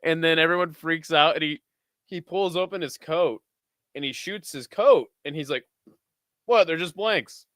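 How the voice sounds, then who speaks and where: A man's voice: a little high, normal speed, fairly bright tone, no room sound. A young man streaming who chats with his viewers while watching videos, laughs often, swears freely and tells stories with animation.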